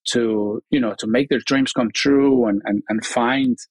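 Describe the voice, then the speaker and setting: A man's voice: mid-range voice, fairly even intonation, unhurried, husky, dry recording, low-quality recording. A middle-aged man from Venezuela with a Venezuelan Spanish accent, a chef and TV host chatting as a guest in an interview, earnest and full of "you know" restarts. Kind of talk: casual interview chat.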